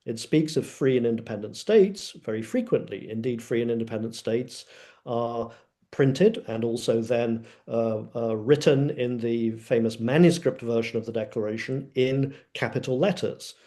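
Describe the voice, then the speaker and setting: Male panelist, mellow tone, emphatic lecturing with frequent hesitations. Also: mid-range voice. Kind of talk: academic webinar talk.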